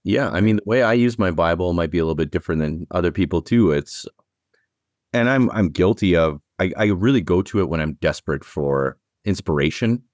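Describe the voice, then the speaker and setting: A man hosting a casual interview, speaking in a relaxed, agreeable and open way. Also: low voice, brisk, no echo, clean studio sound. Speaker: podcast host.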